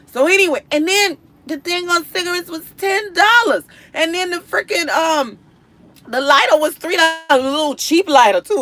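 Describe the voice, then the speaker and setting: A fast-talking woman tells her stream viewers a story in a casual manner. Animated throughout, she alternates between low mutters and loud bursts of exasperation.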